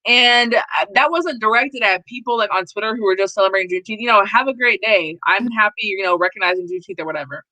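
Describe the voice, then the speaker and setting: Casting: woman host, bright and blunt, swears freely, dry close sound. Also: mid-range voice, fast talker, few pauses, no room sound, poor audio. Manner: blunt, profane, animated. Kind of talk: casual political live stream chat.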